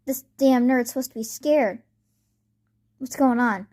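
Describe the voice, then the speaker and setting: A hot-tempered teenage boy bully snarling insults, as a woman storyteller puts him on. The voice sits fairly high for the part. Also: a little slow, darkish tone, natural voice. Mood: scornful.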